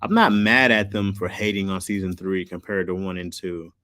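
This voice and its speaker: Low-voiced laid-back male streamer. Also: moderate pace, sharp tone. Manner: loose slangy talk, reads chat aloud. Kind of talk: casual livestream chat.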